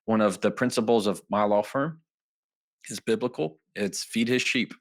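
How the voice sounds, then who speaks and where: A lower-pitched man speaks as a guest on an interview podcast. He talks in a relaxed, conversational way and jumps into lively voices whenever he acts out what people say. His delivery stays animated and easygoing. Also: normal speed. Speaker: trial attorney and author, guest.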